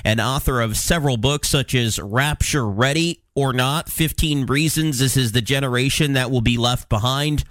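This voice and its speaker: A man's voice: mid-range voice, moderate pace, hardly any pauses, fairly bright tone, no room sound. Sarcastic male talk host, dry close sound. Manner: sarcastic, plain-spoken, with fillers. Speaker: podcast host. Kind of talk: news-commentary talk show.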